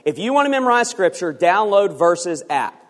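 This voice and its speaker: A man preaching a sermon as pastor, animated and sometimes acting out voices for emphasis. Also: sits high, a little fast, in a large hall.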